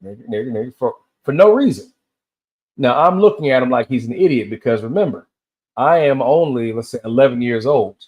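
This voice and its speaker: A man's voice: medium pitch, expressive, brisk, highs cut off. A man in his fifties from Tennessee, rambling through a solo rant and telling loose stories that drift between tangents. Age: 50s. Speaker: vlogger.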